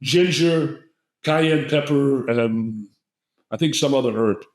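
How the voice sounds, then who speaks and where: A man's voice: mid-range voice, slow pace, reverberant, rough recording. An older man, a guest herbalist, telling a long, digressive story in a casual interview and acting out the people in it. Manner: rambling, digressive storyteller who acts out quotes.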